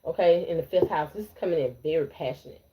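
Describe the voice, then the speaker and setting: A woman's voice: low-pitched, quick pace, warm tone. Blunt woman giving a live tarot reading. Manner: blunt, repetitive, addresses viewers as y'all. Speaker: tarot reader.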